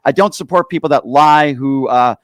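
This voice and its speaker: A man's voice: fairly high pitch, moderate pace, clean tone, no room sound. Male call-in host, sarcastic, blunt, dry close sound. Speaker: radio show host. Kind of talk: political call-in show.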